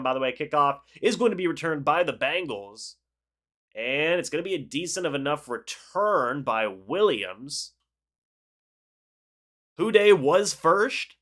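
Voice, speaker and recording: A young man hosting a live football reaction stream, calling the plays and chatting with viewers in an excitable, talkative way. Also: a little high. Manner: excitable, chatty, reads chat aloud and calls plays. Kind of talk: live game reaction with play-by-play and chat replies.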